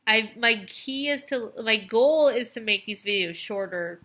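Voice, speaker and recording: Tipsy woman vlogger, gushing rambler, slightly high, bright tense tone. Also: lively intonation, a little slow. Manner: gushing, rambling, restarts and trailing asides. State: tipsy from wine. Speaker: vlogger reviewing cartoon episodes. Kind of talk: casual rambling review.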